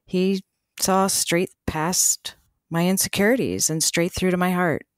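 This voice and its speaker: Low-voiced woman host, dry close sound. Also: fairly even intonation, unhurried, no echo. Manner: affirming, personal, thoughtful. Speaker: podcast host. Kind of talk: conversational interview.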